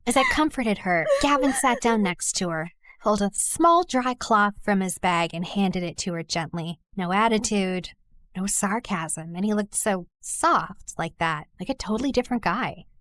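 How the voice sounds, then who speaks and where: A woman's voice: mid-range voice, normal speed, fairly bright tone, no echo, studio quality. A young woman narrating her own story in the first person, dramatic and sassy, jumping between asides and exclamations. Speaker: narrator and lead character.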